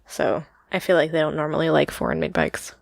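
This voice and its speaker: Low-voiced woman chatting casually. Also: a little fast, gravelly, no echo, studio quality. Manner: chatty, rambling with many fillers. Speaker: podcast co-host. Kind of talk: casual chat.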